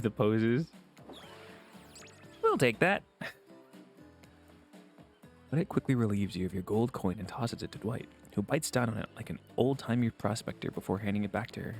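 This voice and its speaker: A man's voice: fairly low pitch, vocal fry, darkish tone. A man streaming, reading a visual novel aloud and joking with his viewers in crude asides.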